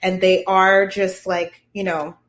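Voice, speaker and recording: A woman's voice: mid-range voice, takes it slowly. A woman co-hosting a casual talk podcast, speaking animatedly and turning to ask listeners questions. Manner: animated, talks to listeners directly. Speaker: podcast co-host. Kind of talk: casual chat.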